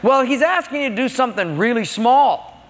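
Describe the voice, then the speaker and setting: A man's voice: very high voice, lively intonation, normal speed, a bit bright, big-room sound, slight background noise, voice pushed up. A man voicing a servant who earnestly questions his master. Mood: probing.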